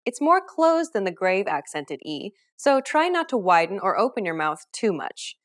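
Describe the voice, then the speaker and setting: A woman teaching a scripted pronunciation lesson, explaining clearly and upbeat, modeling example words. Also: mid-range voice, big pitch swings, normal speed. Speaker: language teacher.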